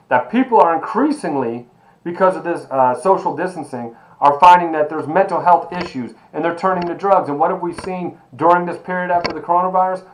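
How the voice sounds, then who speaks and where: An emphatic male professor lecturing online with a fairly high voice. He throws out rhetorical questions, answers them himself and talks to his students like old friends. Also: rough recording. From Miami. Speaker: sociology professor.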